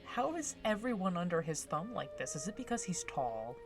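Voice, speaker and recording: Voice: medium pitch, sing-song, normal speed, over music. A streamer giving casual, wry commentary while watching an old movie. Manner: wry, mocking asides.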